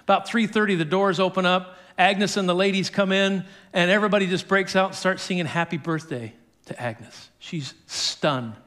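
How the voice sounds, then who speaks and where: High-voiced guy preaching, telling a story and doing the quotes with little chuckles. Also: normal speed, fairly bright tone. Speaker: pastor. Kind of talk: sermon.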